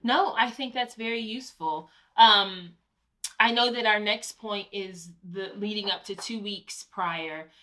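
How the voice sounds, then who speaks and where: A woman's voice: medium pitch, measured pace, sharp tone. A woman co-hosting a casual chat, giving conversational advice with personal anecdotes. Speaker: co-host, Broadway actor.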